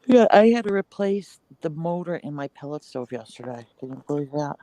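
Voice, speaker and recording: Tired, sighing man with a lively voice. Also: on the high side, a little fast, no echo, rough recording. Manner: tired, sighing, easygoing storyteller. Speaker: livestream co-host. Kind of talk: casual livestream chat.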